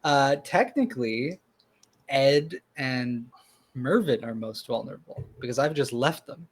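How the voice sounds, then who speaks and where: A man playing in a tabletop game, easygoing and quick to laugh. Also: medium pitch, expressive, breathy edge. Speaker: player. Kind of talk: casual chat.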